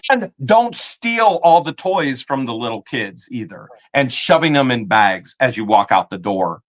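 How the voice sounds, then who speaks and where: A man's voice: medium pitch, very animated, a little slow. A man co-hosting a live stream, indignantly scolding people in his chat. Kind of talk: heated live-stream rant.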